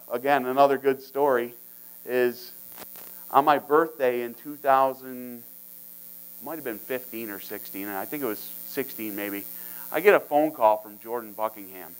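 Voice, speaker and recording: A man's voice: mid-range voice, clear, resonant tone, rough recording. Man telling a sales story on stage. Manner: animated storyteller acting out phone dialogue. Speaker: sales team trainer. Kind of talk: storytelling talk to an audience.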